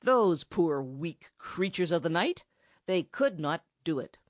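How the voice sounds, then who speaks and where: A woman reading the part of a wicked male enchanter who speaks coldly and gruffly, with sneering contempt. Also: on the low side, very animated, slow pace, no echo, studio quality.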